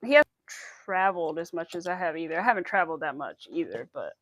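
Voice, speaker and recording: A woman's voice: fairly low pitch, sing-song, quick pace, fairly bright tone, dry recording. A young woman hosting a crochet livestream, chatting casually and rambling through stories with quoted asides. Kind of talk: casual chat while crocheting.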